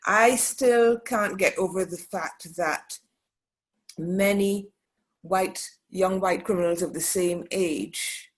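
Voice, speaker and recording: A woman's voice: fairly low pitch, slow. A woman co-hosting a podcast in casual conversation, speaking emphatically and repeating phrases for weight. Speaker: podcast co-host.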